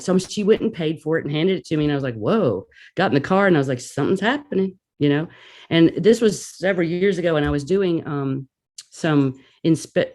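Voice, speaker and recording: Woman guest, casual storyteller, animated, plays out her reactions. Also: on the low side.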